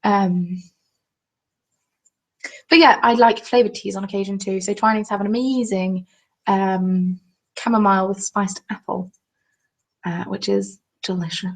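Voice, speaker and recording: A woman's voice: mid-range voice, steady tone, unhurried, gravelly, pauses often. A woman in her twenties with a southern English accent, chatting casually and rambling on a live stream while answering viewers' comments between lots of ums. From southern England. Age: 20s. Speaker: craft channel host.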